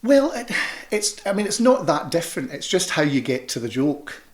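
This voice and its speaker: A man's voice: a little high, sing-song, normal speed. A man with a Scottish Glasgow accent, a panto performer and director, chatting loosely in an interview with many restarts. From Scotland. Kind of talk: casual interview chat.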